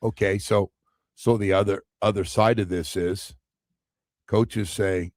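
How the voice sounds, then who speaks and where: A man's voice: lowish voice, slow pace, dry recording, clean studio sound. A man hosting a sports radio show, talking casually and animatedly, acting out quotes as he tells stories. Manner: animated storytelling, acts out quotes.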